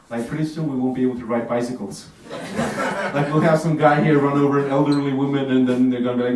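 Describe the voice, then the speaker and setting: A man's voice: medium pitch, fairly even intonation, fast, crowd noise. A man doing a stand-up comedy set in a café, talking in a laid-back, swearing way with lots of fillers. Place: café stage with audience. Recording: roomy, distant, noisy room recording.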